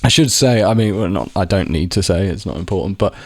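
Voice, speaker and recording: A young vlogger with a deep voice talks fast and casually to camera, recorded without echo. He rambles with plenty of restarts and drops the occasional swear word.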